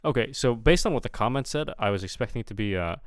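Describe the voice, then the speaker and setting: A man giving casual feedback as a coach, halting with many fillers and repeating sounds aloud. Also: medium pitch, expressive, dry recording. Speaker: accent coach.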